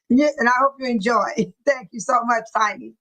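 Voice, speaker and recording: Woman, livestream host, chatty, laughs often, fairly high voice, warm greetings to viewers. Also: normal speed, rough recording. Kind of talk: casual livestream chat, reading comments aloud.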